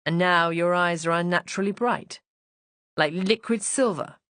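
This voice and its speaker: A woman's voice: fairly low pitch, moderate pace, a bit bright, no echo, lightly acted. A woman narrator voicing a dry, teasing aristocratic husband who speaks unhurriedly.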